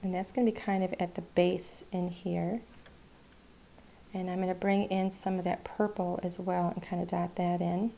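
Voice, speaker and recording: A woman hosting a live craft class, talking quietly and half to herself while she paints. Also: fairly low pitch, level tone, normal speed, gravelly, a little hiss or hum. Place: craft studio.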